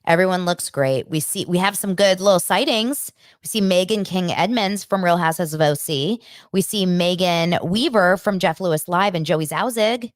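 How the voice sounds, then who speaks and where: A woman hosting a casual podcast, chatting in an animated way and breaking into quick imitations. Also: on the low side, no room sound, studio quality. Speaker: podcast host recapping reality TV. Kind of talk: casual chat.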